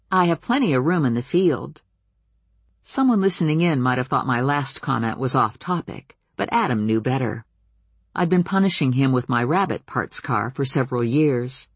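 A woman narrating a first-person novel with wry, expressive storytelling. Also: a bass voice, breathy edge, no echo. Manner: wry, expressive storytelling with lively voiced dialogue. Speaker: audiobook narrator.

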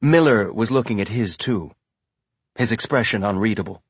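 Husky low-voiced male audiobook narrator. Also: moderate pace, no room sound.

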